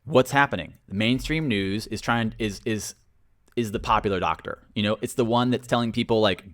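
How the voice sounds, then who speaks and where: A man's voice: on the low side, moderate pace, no echo, studio quality. A man hosting a casual livestream, animatedly greeting viewers by name and telling stories. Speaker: livestream host.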